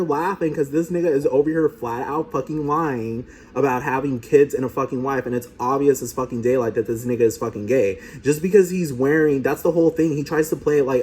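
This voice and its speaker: A man's voice: mid-range voice, a little fast, few pauses, a little mellow, slightly rough. A man giving profane, mocking commentary over video clips.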